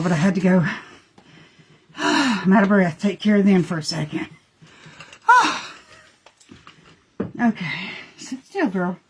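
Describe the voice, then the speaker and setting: A woman's voice: on the low side, slight background noise. A woman chatting folksily through a live makeup demo, talking to her dogs between steps.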